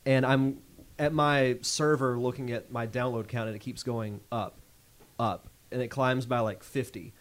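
A man hosting a podcast, chatting casually and sharing relaxed anecdotes. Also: mid-range voice, unhurried. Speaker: podcast host.

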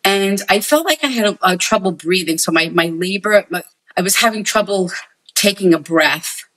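A woman working as a psychic medium gives a spirit reading, earnestly relaying messages to the sitters in front of her and often repeating herself. Her voice is medium-pitched and a bit bright at a moderate pace, and the recording is rough.

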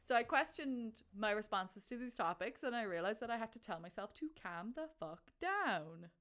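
A young woman in casual conversation about a film, chatty and animated, acting out her own thoughts in quotes. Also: on the high side, moderate pace.

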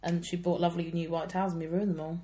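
This is a chatty woman, co-hosting a casual podcast. She talks at a quick clip in a slightly low voice, with a self-deprecating, laughing manner. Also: little pitch movement, mellow. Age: 20s. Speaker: podcast co-host. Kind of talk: casual chat.

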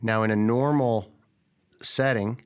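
Candid, lower-voiced man talking openly. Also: fairly even intonation, slow pace, clean tone. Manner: candid and earnest, swears freely, acts out quoted speech. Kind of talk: casual podcast conversation.

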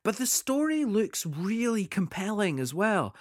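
A man co-hosting a music podcast in casual chat, excitable and swearing freely. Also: high-pitched, unhurried, no echo, clean studio sound. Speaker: podcast co-host.

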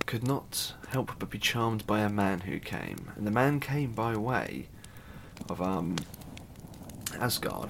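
A man's voice: lowish voice, creaky, background noise. A man casually retelling a myth, chatty and irreverent, with asides and the odd swear. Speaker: storyteller.

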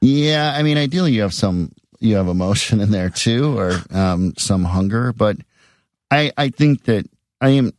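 A middle-aged male musician talks in a casual interview, halting and repeating himself. His voice is low yet swings widely in pitch. The sound is dry and close. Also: no echo. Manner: halting, repeats words, animated. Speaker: musician guest.

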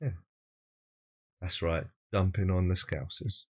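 Jokey male podcast host, lowish voice. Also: steady tone, takes it slowly, slightly rough. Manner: jokey, chatty, self-mocking. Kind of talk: casual chat.

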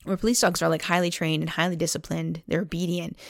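A woman with a gravelly voice talks through a long story on a faith podcast. She rambles and leans on "like" again and again. The sound is close and dry, with no room around her. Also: lowish voice, flat delivery, fast talker, dry recording. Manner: rambling storytelling, heavy use of "like". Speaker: podcast co-host.

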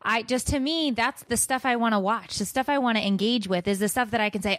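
A woman's voice: a little high, fairly quick, a bit bright, dry recording. A woman hosting a podcast, blunt and earthy, speaking with playful bluntness about parenting. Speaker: podcast host. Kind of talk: casual podcast chat.

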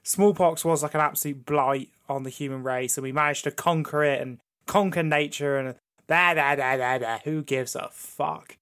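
Crude, animated male podcast host. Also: on the high side, moderate pace. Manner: crude, swearing, animated storytelling. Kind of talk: casual chat.

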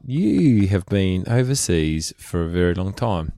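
Male co-host, deep and warm, teasing banter, dry close mic. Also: sing-song, a little slow, no room sound. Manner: joking, teasing. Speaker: podcast co-host. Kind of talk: casual chat. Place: bedroom. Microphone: headset mic.

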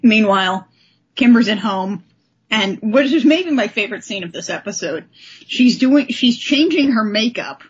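A woman co-hosts a casual recap podcast and talks in a lively, animated way. Her voice is a little high and husky. The recording sounds dull and lo-fi. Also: normal speed. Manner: animated, often acts out quoted characters. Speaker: podcast co-host.

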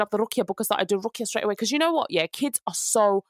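A woman's voice: a little high, quick pace, dry recording, studio quality. A young woman, ranting animatedly as a podcast co-host, unwell. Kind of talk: casual chat.

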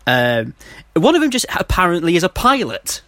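A man's voice: a little high, huge pitch swings, normal speed, a bit bright, no echo. A man from Manchester, co-hosting a casual film review podcast and laughing often as he retells scenes. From Manchester, England. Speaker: podcast co-host.

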